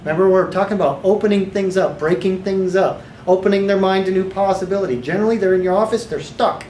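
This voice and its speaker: A man teaching a small class of hypnotherapy students, sometimes slipping into a slow, authoritative guided-imagery voice. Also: sits high, darkish tone, a little hiss or hum. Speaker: hypnotherapy trainer. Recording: echoey room.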